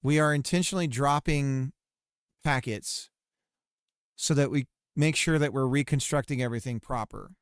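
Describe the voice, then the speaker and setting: A man's voice: mid-range voice, normal speed, smooth, no room sound, studio quality. A man streaming his game development work, thinking aloud in a playful way and muttering and repeating phrases to himself as he works.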